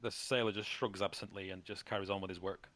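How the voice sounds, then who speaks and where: A man narrating a tabletop game as game master, often pausing with ums and restarts. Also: sits low, steady tone, fairly bright tone. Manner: halting, full of ums and restarts.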